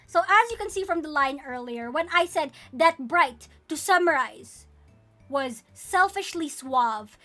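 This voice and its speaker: Excitable high-voiced young woman streamer. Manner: excitable, profane, squealing fangirl bursts. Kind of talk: casual live-stream chat about her characters.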